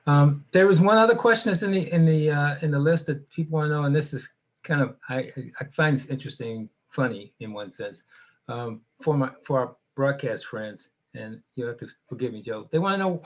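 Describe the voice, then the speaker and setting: Male moderator, halting questions, muffled webinar audio. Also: a little high.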